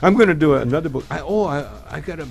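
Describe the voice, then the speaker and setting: A man's voice: fairly high pitch, expressive, fast talker, creaky, soft background music. Casting: older male comic guest, loose rambling storyteller, chuckles constantly. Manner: rambling anecdotes broken by frequent laughter. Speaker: guest comedian. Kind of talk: casual radio interview chat. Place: radio studio.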